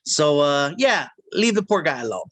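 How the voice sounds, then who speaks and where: Brief: animated man, voice actor guest, slightly higher voice, dry close sound. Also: normal speed, no room sound. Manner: animated storyteller, acts out quotes. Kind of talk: casual interview chat.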